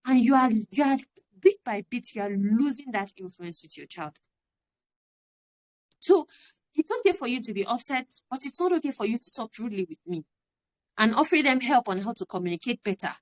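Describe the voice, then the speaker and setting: A woman's voice: fairly high pitch, animated, a little fast. A woman, giving an earnest, emphatic parenting talk on a live stream and repeating her key phrases. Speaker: parenting coach.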